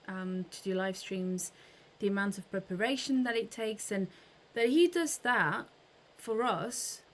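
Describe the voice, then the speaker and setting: A woman hosts a casual livestream and chats with viewers, greeting them by name as they arrive. Her voice sits at a middle pitch, and her talk is loose and friendly, full of fillers and restarts. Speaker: livestream host.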